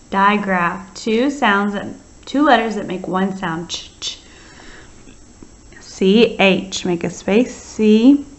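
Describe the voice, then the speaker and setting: Slow, patient woman teacher sounding out letters. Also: medium pitch. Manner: patient and encouraging. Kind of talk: early-grade writing lesson. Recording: slightly dull, lo-fi sound.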